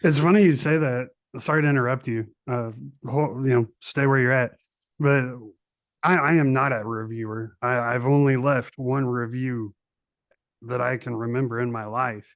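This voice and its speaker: Measured podcast host, dry sound. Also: male voice, mid-range voice, fairly even intonation, dry recording. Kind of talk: casual conversation.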